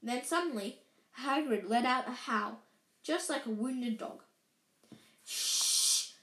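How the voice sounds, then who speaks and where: A woman's voice: on the high side, unhurried, fairly bright tone. A woman reading a storybook aloud in an unpolished way, often stumbling and correcting herself. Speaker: reader. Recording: echoey room.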